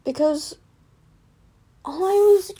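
A woman's voice: extremely high pitch, takes it slowly, warm tone. A teenage girl chatting casually in a self-deprecating, rambling storytime vlog, venting with indignation. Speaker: vlogger.

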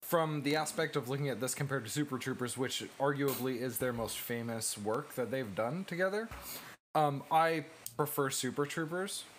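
A man's voice: medium pitch, moderate pace, slight background noise. A young man co-hosting a casual movie podcast, telling stories loosely and laughing along. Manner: laughing, loose storytelling with swearing. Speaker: podcast co-host. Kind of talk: casual chat.

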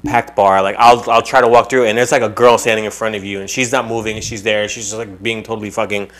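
A man's voice: lowish voice, level tone, quick pace, a bit bright. A man co-hosting a comedy podcast, telling jokey stories in casual chat. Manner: jokey, tells stories with mock voices. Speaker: podcast co-host.

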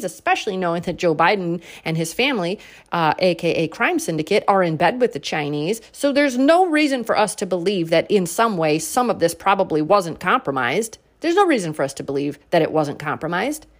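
A woman offers casual political commentary at a medium pitch, sarcastic and combative, sharply raising her voice on her biggest points.

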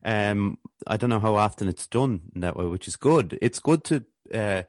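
A man's voice: lowish voice, lively intonation, normal speed, no room sound, studio quality. A man hosting a podcast, asking hesitant, searching questions full of fillers. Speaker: podcast host. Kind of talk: casual podcast interview.

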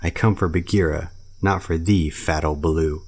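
A man's voice: deep voice, fairly even intonation, moderate pace, darkish tone. A man reading a storybook who voices a boastful, sulky boy raised by wolves, eager and pleading. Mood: sullen.

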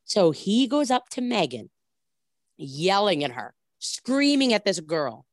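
A woman in casual chat, telling a reality show story in an animated way and acting out what people said. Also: medium pitch, takes it slowly, no echo, studio quality. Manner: animated storytelling, acts out quotes, many "like"s.

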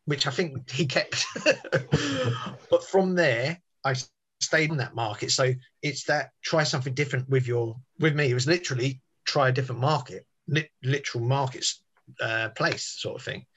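Husky chatty man telling stories. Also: mid-range voice, animated, normal speed, fairly bright tone. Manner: chatty, rambling with restarts and tangents. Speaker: podcast guest. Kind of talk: casual storytelling chat.

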